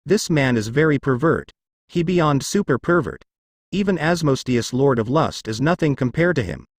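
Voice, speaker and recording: A male text-to-speech voice reads a fanfic with a lively, swooping intonation. It pronounces stray letters and punctuation word for word, in a dry, close sound. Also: mid-range voice, normal speed, no echo. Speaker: narrator.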